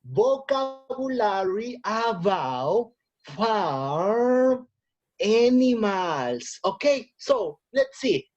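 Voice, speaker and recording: A woman's voice: mid-range voice, a little mellow, breathy edge, muffled recording. A woman teaching English vocabulary to children in an online lesson. She is encouraging, repeats phrases and switches into Spanish. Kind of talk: online lesson for young learners.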